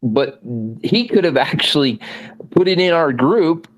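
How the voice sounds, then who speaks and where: A man's voice: fairly high pitch, animated, measured pace, lo-fi sound. Rambling man telling a story. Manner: rambling, self-deprecating, laughing. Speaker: guest speaker. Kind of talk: casual chat.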